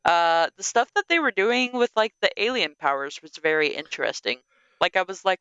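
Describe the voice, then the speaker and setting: A woman co-hosting a podcast, chatting about a film in a lively, exclamatory way and peppering her talk with "like". Her voice is bright and forceful, with a very crisp, clean tone. The sound is dry and close. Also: lowish voice, fairly quick, dry recording, dull audio. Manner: animated, exclamatory, fillers with "like". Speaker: podcast co-host. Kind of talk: casual review chat.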